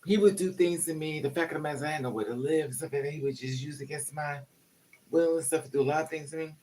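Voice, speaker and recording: Speaking to camera with a low, warm voice at a quick, steady pace, a woman shares a personal story in a casual, confessional way. She rambles, repeats herself, swears freely, and grows emotional.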